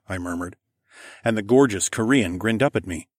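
A man narrating an audiobook in the first person, in a calm, even, low-key way. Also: moderate pace, no echo, clean studio sound.

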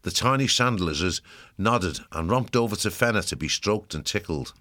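A man narrates a storybook in a steady, measured way. His voice sits very low. He carries the story calmly from scene to scene.

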